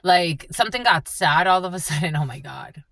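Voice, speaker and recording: Woman doing a channeling livestream, bright voice, laughs a lot, dry close sound. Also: moderate pace, creaky, no echo. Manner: animated, laughs often, shifts between gushing and low prayerful tones. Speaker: spiritual channeler. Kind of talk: live channeling reading.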